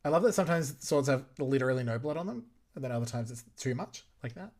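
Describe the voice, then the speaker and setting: A man's voice: medium pitch, lively intonation, fast talker, a little mellow. A man hosting a watch-along episode commentary podcast, sarcastic and playful, talking back at the screen. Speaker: podcast host.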